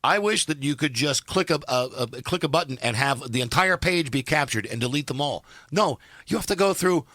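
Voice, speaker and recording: A man hosting a radio talk show, ranting in a casual, animated way. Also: fairly high pitch, a little fast, no room sound.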